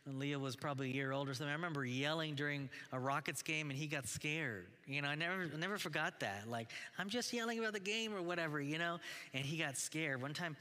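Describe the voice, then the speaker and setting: A man in his thirties preaching earnestly to fathers, his voice bright and forward. He stops and restarts often as he exhorts. A long reverb trails behind every phrase, as in a large hall. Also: fairly high pitch. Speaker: pastor. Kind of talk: sermon.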